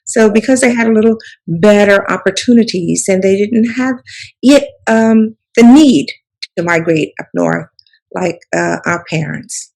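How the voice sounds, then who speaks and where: A woman's voice: medium pitch, animated, measured pace, gravelly, darkish tone, low-quality recording. Older woman, seventies, rambling storyteller, lots of fillers. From South Carolina Sea Islands. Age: 70s. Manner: rambling, filler-heavy, restarts with "you know". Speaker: author and storyteller guest. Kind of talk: reminiscing interview talk.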